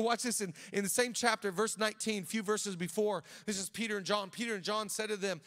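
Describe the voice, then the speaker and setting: A middle-aged male pastor preaching to a large church. His voice sits high and bright, with a long reverb trailing each phrase. He talks loosely and conversationally, restarting sentences as he tells stories. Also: steady tone, fairly quick, hardly any pauses. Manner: conversational, many restarts, drops to quiet storytelling. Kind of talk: sermon with personal storytelling.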